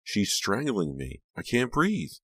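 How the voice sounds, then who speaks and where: A man's voice: on the low side, huge pitch swings, slow, fairly bright tone, slightly rough, dry recording, voice pushed up, heavily acted. A man voicing a nervous, suspicious teenage girl in an audiobook reading. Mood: shaken.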